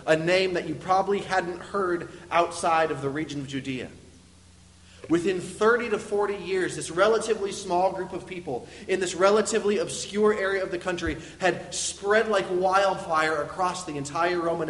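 A young adult man giving a sermon, speaking earnestly and explaining step by step, with frequent fillers. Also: high voice. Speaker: preacher. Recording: long reverb of a large hall.

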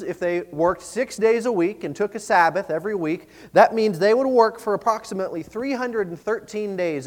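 A man preaching a sermon in a conversational way, often asking the listeners questions. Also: sits high. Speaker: pastor. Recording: long reverb of a large hall.

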